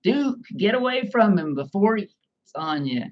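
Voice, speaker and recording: A furious father barks out sudden sharp shouts in a voice pushed well above normal pitch, as a man acts him out in a joke. The sound is slightly dull and muffled. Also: sing-song, unhurried. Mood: angry shout. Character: angry father of a girl, middle-aged man.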